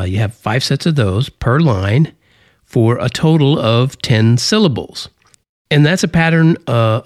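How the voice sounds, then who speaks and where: A man's voice: mid-range voice, no room sound, clean studio sound. An American man hosting a solo podcast, explaining a topic in a casual, jokey way with fillers and self-corrections. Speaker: podcast host.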